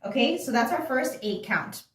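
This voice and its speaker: A woman's voice: medium pitch, moderate pace, distant mic. Woman dance instructor, casual and chatty, counts beats aloud, recorded off-mic in a very echoey room.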